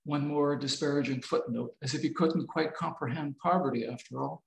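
A novelist reading his novel aloud in a measured, expressive way over a video call. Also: a little high, vocal fry. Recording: roomy video-call audio.

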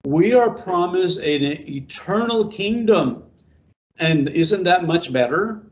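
A middle-aged pastor giving an informal sermon to a small congregation, talking conversationally, asking them questions and repeating words. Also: male voice, high-pitched, animated, slow, highs cut off.

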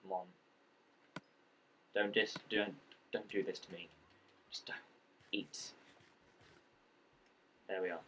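A man with a fairly low voice talks through his gameplay in a loose, rambling way. He cracks jokes and talks straight to the creatures he meets. His tone is casual and unscripted. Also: little pitch movement, slow, long pauses, pushed and bright, slight background noise. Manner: rambling, joking, talking to the game's creatures. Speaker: gameplay commentator. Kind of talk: casual let's-play commentary.

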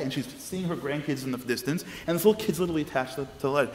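In a synagogue hall, a man tells a story to the congregation in a lively way, acting out its characters with quick shifts of pitch. The recording carries the hall's long reverb and a faint noise.

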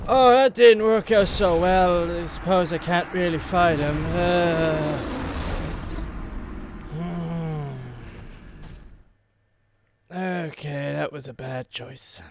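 A man's voice: on the high side, fairly even intonation, extremely slow, pauses often, background noise. A man commentating his own gameplay, swearing and muttering through frustrating moments. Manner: swearing, exasperated outbursts. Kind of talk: let's play commentary.

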